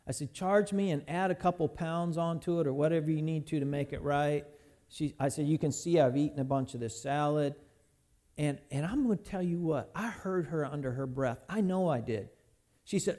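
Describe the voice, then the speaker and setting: A middle-aged man preaching a sermon, telling folksy stories and slowing down hard to stress his points. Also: fairly high pitch, mellow. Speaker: pastor.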